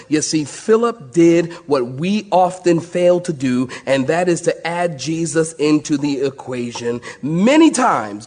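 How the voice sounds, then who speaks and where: Preacher guy, kinda high voice, super expressive, mumbles low then hollers. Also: a little slow, few pauses. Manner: animated, swings from low murmurs to high exclaims, acts out quotes. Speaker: pastor. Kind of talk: sermon.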